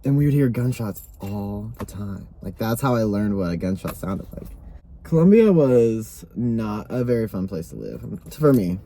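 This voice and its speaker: A man's voice: on the low side, expressive, normal speed, warm tone, a little hiss or hum. A young man vlogging while hiking outdoors, chatting casually in a rambling, joking, candid way into a phone camera.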